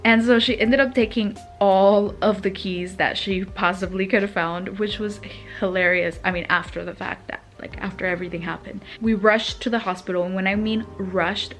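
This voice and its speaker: Young woman telling a story, filler-heavy. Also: medium pitch. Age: young adult. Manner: fast, emotional retelling with many fillers. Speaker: vlogger. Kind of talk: storytime vlog. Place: seated on the floor of her home.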